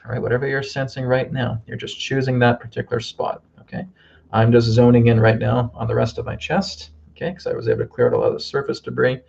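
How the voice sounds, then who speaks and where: Man, gravelly voice, leads a guided healing meditation over muffled lo-fi audio, calm check-ins. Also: mid-range voice. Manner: slow, soothing instructions with frequent "okay?". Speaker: healer leading a group healing.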